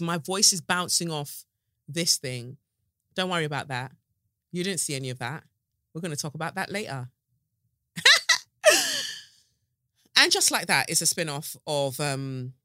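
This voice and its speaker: Brief: woman, podcast host, bright forward voice, rambling playful solo chat, dry close sound. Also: low-pitched, no echo. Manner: chatty, digressive, playful. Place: home office with echoey window. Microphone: desk mic close to face.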